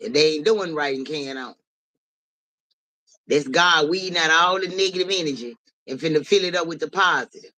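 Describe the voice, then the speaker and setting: Guy on a livestream going off at chat, cussing, kinda high voice, loud and blunt. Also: fairly quick, long pauses, rough recording. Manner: blunt, profane, animated, talks back to chat. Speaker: livestream host. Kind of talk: casual livestream chat with viewers.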